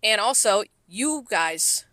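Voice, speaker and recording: Thirties woman venting about a work shift, swears a lot, bright crisp voice, dry close sound. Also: mid-range voice, slow, no room sound. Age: 30s. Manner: animated, profane, acts out coworkers' lines. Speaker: podcast co-host, restaurant server. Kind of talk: casual chat, storytelling.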